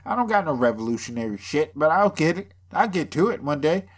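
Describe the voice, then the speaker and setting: A man's voice: fairly high pitch, very animated, a little fast. A man from the area, rambling through a casual, profane podcast monologue full of jokes and sarcasm, sounding a bit drunk. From Boston area. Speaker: podcast host.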